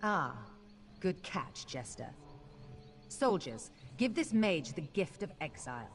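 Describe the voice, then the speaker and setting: A woman's voice: lowish voice, sing-song, slow, soft background music, heavily acted. An actress voicing a haughty, commanding queen in a video game, giving orders in an imperious tone. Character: stern haughty woman queen of an alliance.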